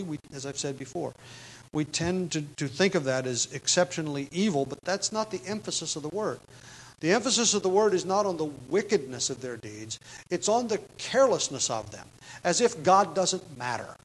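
Emphatic man preaching, higher voice. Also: rough recording. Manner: emphatic, swings between loud stresses and quiet asides; repeats key words for emphasis. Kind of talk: expository sermon.

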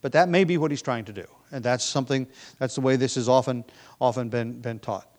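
A man's voice: medium pitch, fairly quick, darkish tone. A man preaching a sermon in a conversational way, thinking aloud and acting out quoted lines.

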